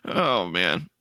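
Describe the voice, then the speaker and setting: Brief: Canadian man, gaming podcast co-host, wildly expressive pitch, bright edge, dry close mic. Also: husky, dry recording. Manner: animated, laughs often, reads articles aloud. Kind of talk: casual gaming podcast chat, reading news aloud.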